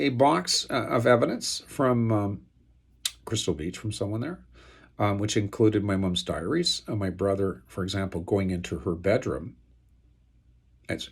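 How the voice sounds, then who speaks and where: A man talking unscripted to the camera, aggrieved and angry, rambling with many fillers and getting louder when outraged. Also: gravelly, husky. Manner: turns loud and high-pitched when outraged. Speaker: video blogger airing an estate dispute.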